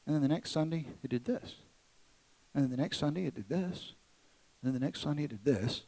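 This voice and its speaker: A man in his thirties preaching a sermon in a church service, telling a personal story that swings from excited to hushed and tender. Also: fairly high pitch, fairly quick, rough recording. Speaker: pastor.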